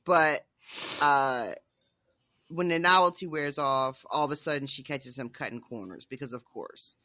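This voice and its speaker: Sweary man co-host, bright and dry. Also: mid-range voice, unhurried, no room sound. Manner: sweary, recaps the plot. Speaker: podcast co-host. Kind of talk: casual chat.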